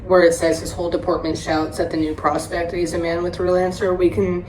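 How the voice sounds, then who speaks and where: A woman hosting a podcast, telling recovery stories in a blunt, profane and animated way. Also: fairly low pitch, fairly quick, crowd noise. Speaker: podcast host. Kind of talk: candid recovery chat. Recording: roomy echo with faint hiss.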